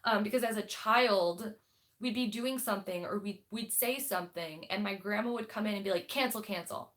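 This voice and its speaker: A woman's voice: mid-range voice, moderate pace, a bit bright. A young woman hosting a book club livestream, talking casually and bluntly with lots of fillers and restarts.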